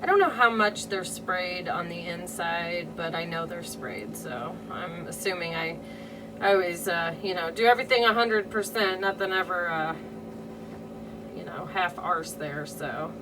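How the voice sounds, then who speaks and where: Slow-talking Midwestern woman, distant mic. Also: lowish voice, animated. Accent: Midwestern American. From American Midwest. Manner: chatty, talks straight to viewers. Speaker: DIY crafter. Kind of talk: casual how-to narration. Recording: distant mic with room noise.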